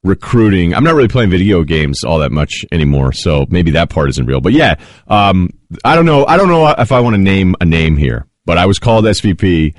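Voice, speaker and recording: A man's voice: sits low, fairly quick, no room sound. A man hosting a sports talk radio show in a studio, talking in a joking, casual way. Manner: lively, joking, animated. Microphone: studio microphone.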